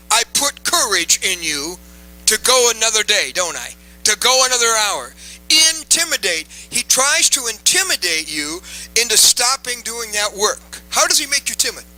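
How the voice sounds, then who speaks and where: A man's voice: very high-pitched, animated, measured pace, pushed and bright, faint music behind, rough recording. A man preaching a sermon to a live audience, emphatic and repeating key phrases, coaxing the crowd to respond.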